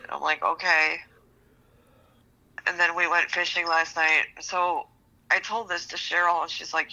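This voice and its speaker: A woman's voice: fairly low pitch, little pitch movement, normal speed, long pauses, sharp tone, lo-fi sound. A woman telling a personal relationship story as a podcast guest, frustrated, venting, and swearing a lot. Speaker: guest seeking relationship advice.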